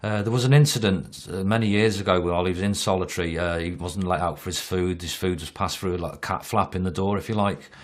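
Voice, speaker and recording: A man's voice: deep voice, quick pace, hardly any pauses. A man giving a plain-spoken opinion in an interview, with hesitations. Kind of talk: documentary interview.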